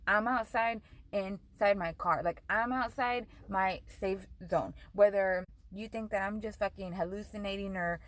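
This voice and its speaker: A woman's voice: medium pitch, steady tone, measured pace, hardly any pauses, a bit bright, rough recording. A young woman vlogger telling a storytime rant, profane and heated, switching between English and Spanish.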